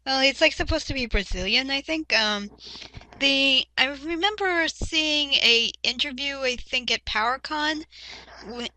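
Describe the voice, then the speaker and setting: A woman's voice: sits high, a little slow, sharp tone, rough recording. A young woman co-hosting a casual fan chat, sharing show trivia with lots of fillers. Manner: chatty, shares trivia with hesitant fillers. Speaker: podcast co-host.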